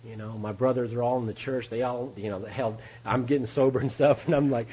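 Husky middle-aged man telling his recovery story. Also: medium pitch, fairly even intonation, a little fast, mellow, highs cut off. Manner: folksy, confessional, often laughing, acts out quoted voices. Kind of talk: AA speaker talk, storytelling.

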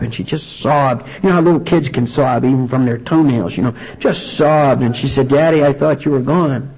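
A man gives a heartfelt testimony at a recovery meeting, his voice gravelly with a husky edge. He talks earnestly and often trips over his words and starts again. The recording sounds dull and lo-fi. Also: mid-range voice, darkish tone. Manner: earnest, halting, frequent restarts. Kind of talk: personal testimony talk.

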